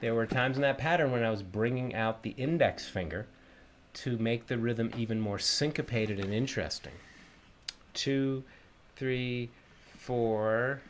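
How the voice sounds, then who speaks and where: A man's voice: mid-range voice, a little slow, over loud music. A man teaching a live online ukulele lesson, explaining patiently step by step and counting the beats aloud. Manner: friendly, greets viewers by name. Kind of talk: livestream music lesson.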